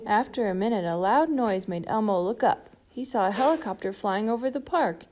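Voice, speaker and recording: A woman narrating a children's storybook in a gentle, steady way. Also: medium pitch, fairly quick. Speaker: storybook reader.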